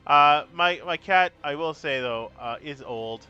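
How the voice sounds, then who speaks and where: Guy rambling playfully to chat while playing cards, bright and crisp, bit of music in the back. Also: fairly high pitch, unhurried, dull audio. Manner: playful, chatty, rambling with restarts; breaks into silly sing-song. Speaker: streamer playing a card game. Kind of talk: casual live-stream chat.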